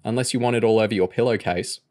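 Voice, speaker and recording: A man's voice: on the low side, steady tone, fast talker, darkish tone, lightly acted. A man voicing a wry, teasing teenage girl in a storybook reading.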